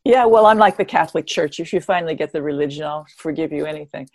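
A woman in her seventies, an interview guest and former marathon runner, telling stories in an animated, expressive way with wry humor. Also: sits low, fast talker, gravelly, no room sound. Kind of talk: conversational storytelling.

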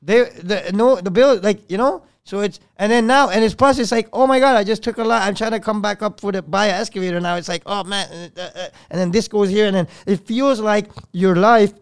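A man with a notably high speaking voice talks as a podcast guest in a dry, close recording. He rambles and swears freely, his delivery rising and sinking with strong feeling as he tells his story. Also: a little fast, few pauses, clear, resonant tone, dry recording. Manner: rambling, swears often, voice swells and drops with feeling. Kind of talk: emotional conversational storytelling.

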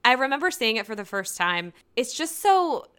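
A woman's voice: fairly high pitch, sing-song, moderate pace, bright, forceful tone, smooth. A young woman co-hosting a casual podcast, chatty and giggly, recapping a TV episode and acting out the characters' lines. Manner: chatty, giggly, acts out quotes. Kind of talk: casual chat.

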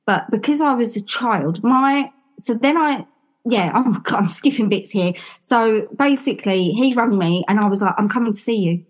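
A woman from London, a podcast guest, telling her story casually and acting out the dialogue. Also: mid-range voice. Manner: animated, acts out quoted dialogue.

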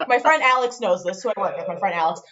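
A woman's voice: medium pitch, quick pace, a crowd in the background. A woman from Long Island, New York, a bartender telling stories in blunt, sweary casual podcast chat. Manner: blunt, sweary, animated storyteller. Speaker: bartender, guest. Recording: dull lo-fi sound.

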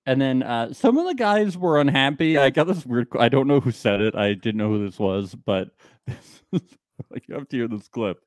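A man's voice: medium pitch, expressive, normal speed, no echo, clean studio sound. A man co-hosting a podcast, chatting casually and playfully about a reality show episode, laughing often. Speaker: podcast co-host.

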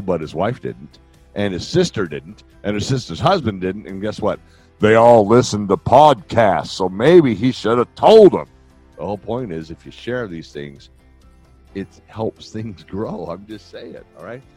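A man's voice: lowish voice, big pitch swings, a little slow, dark tone, breathy edge, no echo, faint music behind. An older man hosting a podcast, giving relationship advice in a rambling, joking way that keeps wandering off on tangents. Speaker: podcast host. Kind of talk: casual advice monologue.

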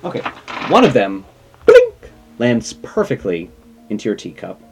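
A man's voice: medium pitch, wildly swooping pitch, measured pace. Playful, chatty game master, man. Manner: playful, chatty, self-mocking. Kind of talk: narrating a tabletop game. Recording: faint music beneath.

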